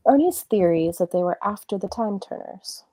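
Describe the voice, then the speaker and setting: A woman playing a brisk, commanding young witch. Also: medium pitch, lively intonation, mellow, dry recording, lightly acted. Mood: urgent. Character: sharp, tired young witch, decisive and brisk. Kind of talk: amateur voice acting of a fan script.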